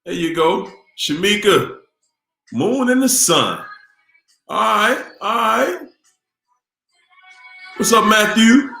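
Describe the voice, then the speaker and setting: A middle-aged man with a slightly high voice hosts a casual live stream, tired and laid-back as he greets people one by one. He talks slowly. His voice echoes around the room over faint background music. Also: sharp tone. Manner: laid-back, greets chat viewers by name. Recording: roomy echo with faint music.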